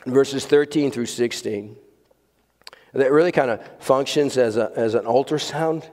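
A man's voice: medium pitch, darkish tone. A man preaching a sermon to a congregation in a church, earnest and emphatic, repeating key words for weight. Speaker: pastor. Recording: long hall reverb.

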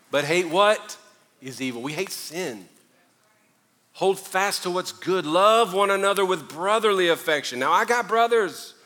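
A middle-aged man with a Southern accent preaching a sermon, animated and joking, swinging between loud and quiet. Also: fairly high pitch. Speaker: pastor. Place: church sanctuary. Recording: long hall reverb.

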